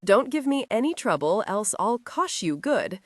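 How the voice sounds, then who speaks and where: A woman voicing a rough male accomplice who speaks in blunt threats. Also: medium pitch, sing-song, normal speed, no echo, clean studio sound. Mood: threatening.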